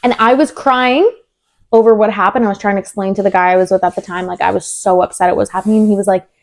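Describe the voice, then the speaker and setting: A woman's voice: medium pitch, fast. A young woman co-hosting a podcast, telling a story in casual chat, acting out quoted lines with many "like" fillers. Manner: animated, acts out quoted dialogue, many "like" fillers. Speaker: podcast co-host.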